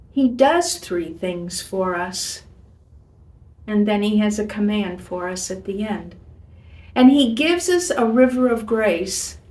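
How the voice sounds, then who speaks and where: A woman giving a devotional reading and teaching, speaking slowly and gently, with emphatic pauses. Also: on the high side. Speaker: ministry leader. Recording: echoey room, voice from a distance.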